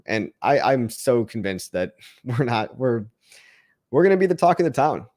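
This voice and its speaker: A man's voice: medium pitch, sing-song, normal speed, darkish tone. A man hosting a livestream and answering chat questions in a casual, upbeat pep talk that rambles and restarts words. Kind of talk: casual motivational rant.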